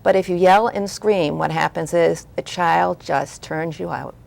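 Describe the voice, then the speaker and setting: Low, gravelly-voiced woman counselor. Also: measured pace, a little mellow. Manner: earnest, acts out parents and children in voices. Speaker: former school guidance counselor. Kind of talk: guest on a parenting TV talk show.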